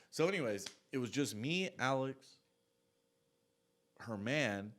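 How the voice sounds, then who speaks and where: A man's voice: mid-range voice, animated, slow, a bit bright. Rambling, profane male storyteller. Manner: rambling, profane, trailing off into asides. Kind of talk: casual storytelling monologue.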